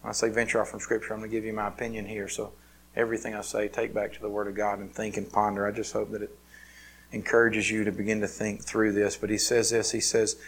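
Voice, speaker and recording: A man preaching a conversational sermon with lots of fillers and restarts. He swings between loud emphatic peaks and quiet, hushed asides. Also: lowish voice, completely flat delivery, quick pace, low-quality recording. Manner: casual, filler-heavy delivery with many restarts. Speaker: pastor.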